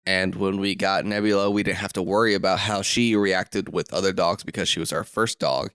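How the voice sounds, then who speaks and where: Brief: young male podcast host, low, smooth voice, dry close sound, rambling with fillers, scratchy throat. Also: steady tone, fairly quick, fairly bright tone, dry recording. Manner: rambling, many fillers and restarts. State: throat rough, coughing. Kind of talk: solo podcast chat. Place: room at home.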